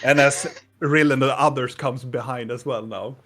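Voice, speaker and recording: A man's voice: medium pitch, fairly even intonation, normal speed, a bit bright. A man narrating as game master of a tabletop game, laughing often.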